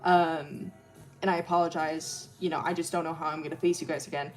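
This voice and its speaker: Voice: mid-range voice, little pitch movement, brisk, faint music behind, voice pushed down, lightly acted, low-quality recording. A woman doing a shy, stumbling teenager. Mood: sheepish. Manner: hesitant, quiet, stumbling. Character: awkward, embarrassed teenager.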